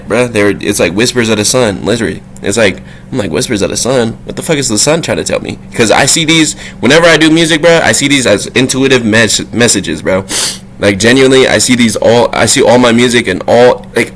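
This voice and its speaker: A man at a middle pitch vlogging about spirituality in a loose, casual way. He is slangy and profane. When an idea excites him, his voice leaps up high, and then it settles back down. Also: brisk, a little hiss or hum. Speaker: vlog host. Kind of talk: casual spiritual vlog monologue.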